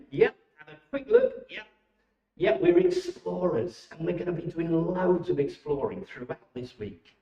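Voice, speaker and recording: A man leading children through warm-up exercises at a church holiday club, enthusiastic and encouraging, in a church hall. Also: fairly high pitch. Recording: echoey, dull sound from a distant mic.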